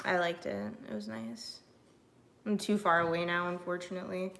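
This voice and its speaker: Chatty young woman with a bright voice. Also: fairly low pitch, normal speed, gravelly. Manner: chatty and animated, many fillers, laughs often; reads and answers chat messages. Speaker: streamer. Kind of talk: casual chat to stream viewers.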